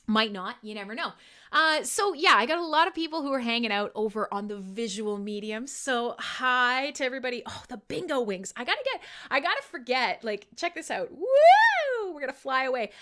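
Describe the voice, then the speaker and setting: A woman's voice: fairly high pitch, animated, brisk, pushed and bright. A woman hosting her own music livestream, chatting casually to viewers in a rambling, self-deprecating way, with casual swearing and frequent laughs. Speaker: livestream radio host.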